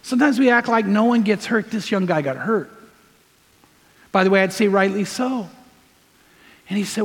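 A man pastor preaching a sermon, his high voice pressing each point with emphatic repetition. His words ring out with a long reverb, as in a large church hall. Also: moderate pace, pauses often. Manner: emphatic, rising preaching with repeated phrases.

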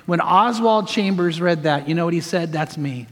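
High-voiced man preaching in a reverberant hall. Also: normal speed. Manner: emphatic, rising preaching with repeated phrases. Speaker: pastor. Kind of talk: sermon. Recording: long reverb of a large hall.

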